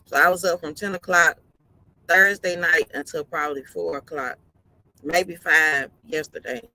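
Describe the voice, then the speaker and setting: A woman's voice: low-pitched, fairly even intonation, normal speed, pushed and bright, poor audio. A woman truck driver talking casually on a live stream from inside her parked truck cab, tired and yawning, earnestly repeating her advice.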